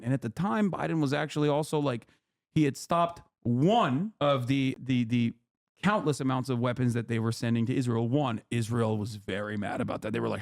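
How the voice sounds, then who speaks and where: A male streamer explaining politics in a heated, animated, profane way. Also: mid-range voice, moderate pace, vocal fry.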